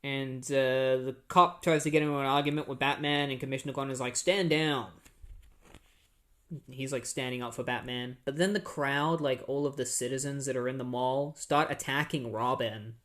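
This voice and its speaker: A man's voice: mid-range voice, fairly even intonation, a little fast, hardly any pauses, a bit bright. A young man hosting a podcast, casually recapping a comic book in a rambling way, full of fillers. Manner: rambling, filler-heavy, easygoing. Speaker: podcast host.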